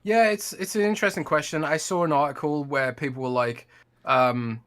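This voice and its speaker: A man's voice: fairly high pitch, steady tone, normal speed, fairly bright tone, clean tone. A man co-hosting a casual gaming podcast, thinking aloud with hedges and trailing off with "blah, blah". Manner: thoughtful, hedging, trails off with "blah, blah". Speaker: podcast co-host.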